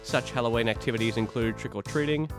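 A man's voice: medium pitch, over music. Man hosting a banter podcast. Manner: playful, reads facts in a brisk list. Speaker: debate host.

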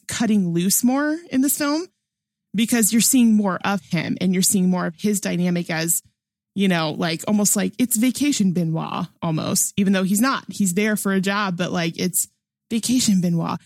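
A woman's voice: medium pitch, darkish tone, no echo, studio quality. A young adult woman chatting casually about a movie, enthusiastic and laughing often, with lots of fillers. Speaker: film discussion panelist. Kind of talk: casual film review chat.

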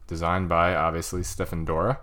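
A man's voice: low voice, little pitch movement, brisk, sharp tone. A man hosting a casual board game review, explaining the rules step by step and laughing easily. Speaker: podcast host.

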